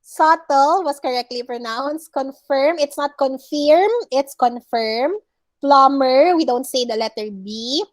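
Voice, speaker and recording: A woman's voice: high-pitched, normal speed, hardly any pauses. A Filipino woman teaching an online class, correcting her students' pronunciation word by word and repeating each correct form. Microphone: video call.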